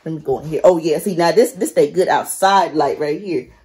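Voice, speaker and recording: A woman chatting casually to camera in a beauty vlog, animated and talky, calling her viewers y'all. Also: deep voice, fairly quick. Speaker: beauty vlogger. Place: bathroom at home. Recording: echoey bathroom.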